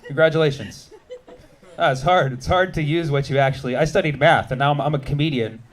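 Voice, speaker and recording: A man's voice: fairly high pitch, a little fast. A man in his thirties doing stand-up comedy on a club stage, teasing the crowd with a punchy, wry delivery. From United States.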